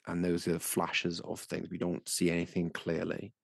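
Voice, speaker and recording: Brief: low, gravelly man, steady game master narration, close and dry sound. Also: dry recording. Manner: measured, descriptive narration.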